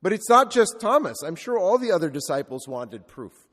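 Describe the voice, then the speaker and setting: A man's voice: high-pitched, very animated, moderate pace, a bit bright. A male Catholic priest preaching a sermon with reflective storytelling and rhetorical repetition. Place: church. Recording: long reverb of a large church.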